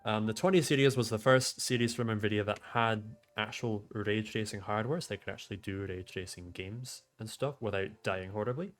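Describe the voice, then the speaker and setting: A man's voice: on the low side, moderate pace, few pauses, fairly bright tone, soft background music. Casual swearing young male streamer. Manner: loose, swearing, rambling tech explanations. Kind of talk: casual live-stream chat, reading chat aloud. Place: home room.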